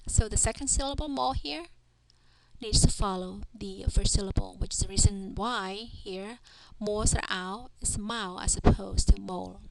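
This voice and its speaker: A woman teaching a reading lesson, sounding out syllables one by one in a slow, deliberate way. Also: medium pitch, gravelly, noisy background. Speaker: language teacher.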